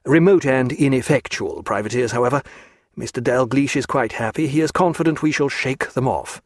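Man reading a calm learned gentleman, measured, reassuring, mid pitch, storybook. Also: no room sound, studio quality, natural voice.

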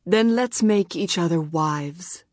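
A woman's voice: lowish voice, takes it slowly, a little mellow, no echo, studio quality. A woman reading the lines of a confident, protective young woman who speaks firmly.

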